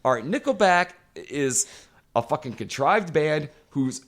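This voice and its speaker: A man's voice: on the high side, big pitch swings, unhurried, a bit bright. A man co-hosting a podcast, ranting emphatically and swearing constantly in casual chat. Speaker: podcast co-host. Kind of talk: profane casual podcast rant.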